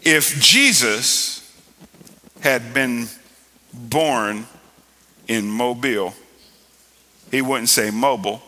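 A man preaching a sermon as pastor, building to loud emphatic passages. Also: mid-range voice, very slow, long pauses. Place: church sanctuary. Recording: reverberant church hall.

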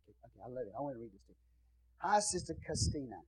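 A man's voice: mid-range voice, racing, warm tone, breathy edge, no room sound, low-quality recording. A male pastor preaching and praying before his congregation, talking in a folksy, chatty way with asides to the people in the pews. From Texas. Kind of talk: sermon and prayer.

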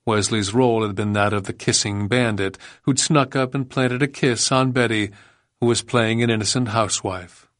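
A man reading a non-fiction audiobook as narrator, in a measured, grave storytelling manner. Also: on the low side, fairly even intonation, a bit bright, no echo, studio quality. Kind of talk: scripted narration.

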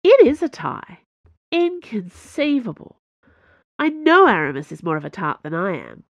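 A woman's voice: low-pitched, big pitch swings, fairly quick, a bit bright, no room sound, exaggerated voice. A woman voicing a cheeky, mocking swordswoman. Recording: dull lo-fi dry recording.

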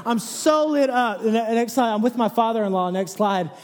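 Animated male preacher in a reverberant hall. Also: normal speed. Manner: animated storyteller, swings from low and hushed to excited near-shouts. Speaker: pastor. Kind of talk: sermon.

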